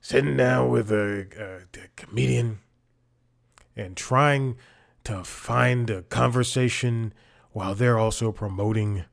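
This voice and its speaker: A man's voice: medium pitch, slow, gravelly. A man hosting a podcast, giving a casual, rambling intro with self-corrections and chuckling asides. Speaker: podcast host.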